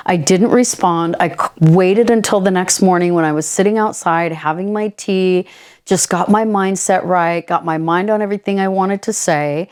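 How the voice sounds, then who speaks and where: A woman podcast host telling a personal story candidly and in an animated way, acting out the dialogue she quotes. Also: medium pitch, normal speed.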